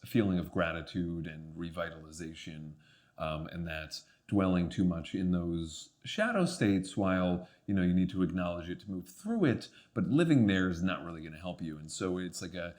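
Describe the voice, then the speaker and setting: A man's voice: low voice, darkish tone. Reflective man, guest on a podcast. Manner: reflective, with many fillers and restarts. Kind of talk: casual podcast conversation.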